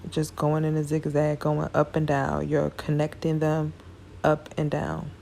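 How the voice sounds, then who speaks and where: A woman with a low, gravelly voice walks viewers through a braiding tutorial in a relaxed, chatty way. She sounds tired and speaks in a flat, even tone. Faint background noise sits under her voice. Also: measured pace. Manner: casual, chatty, addresses viewers as y'all. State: tired, yawning. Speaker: hair braider. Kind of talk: hair tutorial talk.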